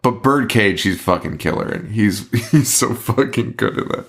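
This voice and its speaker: A man's voice: fairly low pitch, animated, normal speed, vocal fry, a bit bright. A man hosting a podcast in casual chat, swearing a lot and laughing often as he rants. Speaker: podcast host.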